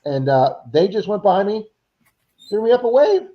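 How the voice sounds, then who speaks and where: A man hosting a casual livestream chat, telling animated stories and acting out the people he quotes. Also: high-pitched, moderate pace, dull audio. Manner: animated storyteller, acts out quoted voices. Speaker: livestream host. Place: Florida.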